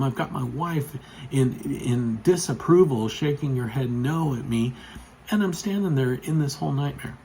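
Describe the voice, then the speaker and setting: A man's voice: medium pitch, slight background noise, low-quality recording. Chatty man telling a story. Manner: chatty, rambling, with frequent fillers; gets loud and excited when telling the story. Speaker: vlogger. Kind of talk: casual storytelling to camera.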